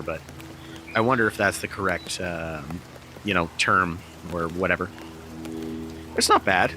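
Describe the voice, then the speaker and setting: In a rainy outdoor vlog, a middle-aged man with a fairly low voice chats loosely about a beer, restarting hesitantly as he goes. Rain pours down loudly, and the small on-camera mic adds slight background noise.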